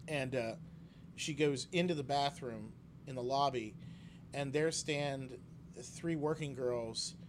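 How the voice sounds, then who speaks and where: A podcast co-host tells stories in a casual chat, animatedly acting out quotes in a raised voice. His voice is mid-range, with a little hiss or hum in the recording.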